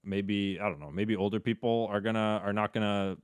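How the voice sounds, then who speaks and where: A man with a low-pitched voice chats about sports in a rambling, restart-heavy way. Now and then he bursts into animated mock quotes. The sound is dry and close. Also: brisk, smooth, no echo. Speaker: podcast guest, sports broadcaster. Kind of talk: casual chat.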